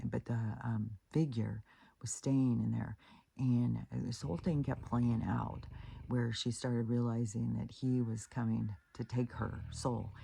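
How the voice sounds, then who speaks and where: A woman's voice: rumbling low, creaky, mellow, a little hiss or hum. A woman vlogger telling stories in a rambling, casual monologue, full of fillers and blunt swearing. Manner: rambling, with many fillers and restarts. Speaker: spiritual vlogger.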